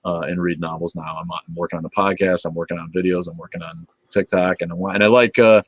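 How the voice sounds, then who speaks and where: A man in his fifties hosting a casual livestream, rambling and cursing in a laid-back way as he answers viewer comments, often trailing off into low mumbles. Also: fairly even intonation, fast. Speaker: livestream host.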